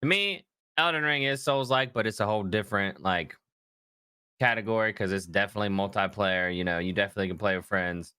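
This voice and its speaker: A man co-hosting a podcast, chatting casually about video games, animated and quick to laugh. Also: fairly low pitch, smooth, no echo, clean studio sound. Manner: animated, laughs often, trails off. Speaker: podcast co-host. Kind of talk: casual gaming chat.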